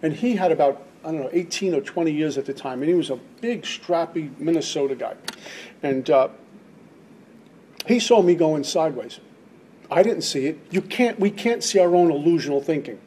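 A man's voice: on the high side, lively intonation, normal speed, dark tone, slight background noise. A middle-aged man speaking at a recovery meeting, giving an emphatic, preacherly personal testimony and repeating lines for stress. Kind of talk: impassioned personal testimony talk.

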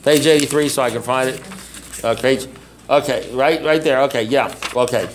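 A man's voice: medium pitch, moderate pace, a little hiss or hum. A blunt, self-mocking middle-aged man speaking casually at a recovery meeting, rambling and often asking "you know what I mean?".

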